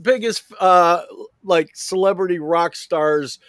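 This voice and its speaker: A man hosting an interview, asking questions haltingly and restarting them. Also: fairly high pitch, no room sound, studio quality. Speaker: podcast host.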